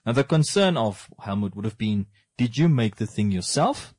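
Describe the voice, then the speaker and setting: A man's voice: fairly low pitch, expressive, normal speed, a little mellow, breathy edge, no echo. A man hosting a casual talk discussion, talking animatedly and firing rhetorical questions at his co-host.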